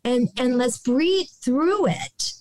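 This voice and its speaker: Slow, gentle older American woman. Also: high-pitched, expressive, dry recording, poor audio. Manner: slow, gentle and soothing, many restarts and "you know". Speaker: guest, nonprofit director. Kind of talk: podcast interview, calm advice.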